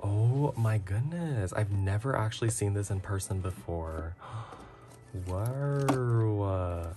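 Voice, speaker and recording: A man narrating a casual unboxing vlog, excitable and gasping often. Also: on the low side, takes it slowly. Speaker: vlogger.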